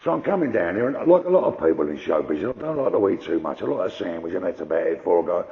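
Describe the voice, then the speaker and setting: An older man doing gruff, conversational stand-up storytelling. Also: sits low, very animated, very fast, narrow, tinny audio. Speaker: stand-up comedian.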